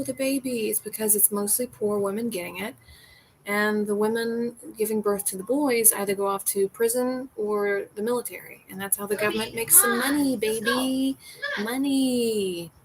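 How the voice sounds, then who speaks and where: A woman rambles through a casual livestream from her home, talking loosely to chat and restarting her thoughts as she goes. Her pitch sits in an ordinary middle range. Faint household noise is heard behind her. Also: fairly quick. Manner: rambling, restarts often, drops into whispers. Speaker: streamer reading chat.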